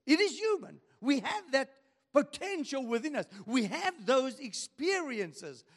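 A male pastor preaching in a strikingly high, animated voice. He works through scripture at an unhurried pace and keeps asking his listeners questions. The sound carries a long reverb, like a large church hall. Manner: preaching with rhetorical questions to the congregation. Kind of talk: sermon.

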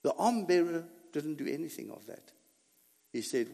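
A man preaches with a high, lively voice that swings widely in pitch. He speaks slowly, asks his listeners questions and repeats key points for emphasis, and the sound rings through a reverberant hall. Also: creaky. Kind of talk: sermon.

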